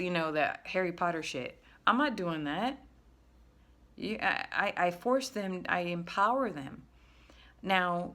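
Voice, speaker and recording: Low gravelly woman talking bluntly. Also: a bit bright. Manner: frank, blunt, rambling with restarts. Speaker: spiritual self-help creator. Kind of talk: casual spoken monologue.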